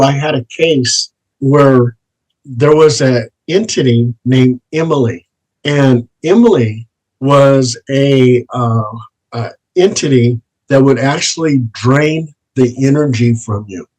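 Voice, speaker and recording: Husky male paranormal investigator, unhurried anecdotal delivery in an interview. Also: medium pitch, a little mellow, poor audio. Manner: slow, plain anecdotal telling, repeats set phrases. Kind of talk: interview storytelling.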